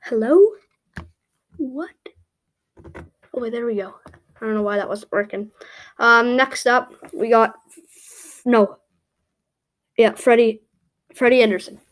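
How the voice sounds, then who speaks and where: A woman in casual commentary, thinking aloud as she ranks hockey goalies, with frequent fillers and self-corrections. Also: fairly high pitch. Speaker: YouTube creator ranking hockey goalies. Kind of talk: casual commentary while building a tier list.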